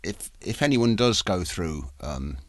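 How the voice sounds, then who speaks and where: A man's voice: low-pitched, expressive, measured pace, no echo. A man, an actor co-hosting a podcast, chatting casually and repeating words as he searches for them. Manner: stammers, repeats words often. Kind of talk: casual chat.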